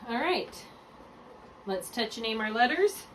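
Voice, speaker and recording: A woman tutoring one-on-one in a phonics lesson, patient and encouraging, slowly spelling out letters and sounds. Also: fairly high pitch, very animated. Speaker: reading tutor. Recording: distant mic with clear background hum.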